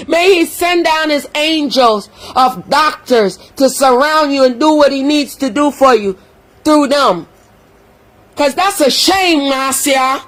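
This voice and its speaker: A social media commentator rants angrily on a livestream, her high voice animated yet slow. She curses and scolds heatedly, now and then breaking off to pray aloud.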